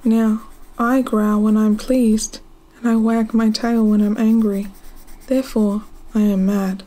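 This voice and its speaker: A woman reading the lines of a sly, grinning male cat in a storybook, softly and half-whispered. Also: fairly high pitch, level tone, lightly acted. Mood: teasing. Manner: soft, slow, half-whispered.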